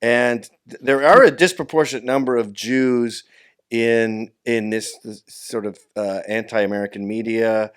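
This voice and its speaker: A man's voice: medium pitch, steady tone, unhurried, clean tone. A man who is a guest on a podcast, talking casually in a matter-of-fact, provocative way. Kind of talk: casual chat.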